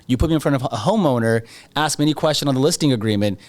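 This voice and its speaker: Rapid-fire and medium-pitched, with lively intonation and a darkish tone, a man talks real estate as a guest in a conversational podcast interview. He sounds confident and emphatic, using punchy repetition of short lines to press his points.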